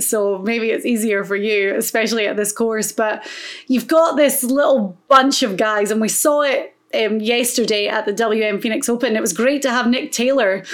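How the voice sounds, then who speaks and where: A woman's voice: fairly high pitch, moderate pace. A woman co-hosting a podcast, chatting casually and asking long, rambling questions. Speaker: podcast co-host.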